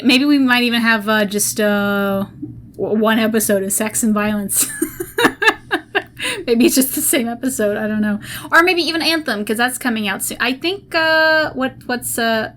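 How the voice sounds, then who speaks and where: A woman's voice: fairly high pitch, fairly bright tone, slight background noise. A woman co-hosting a gaming podcast, chatting casually and laughing often. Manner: giggly, chatty. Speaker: podcast co-host. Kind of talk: casual chat.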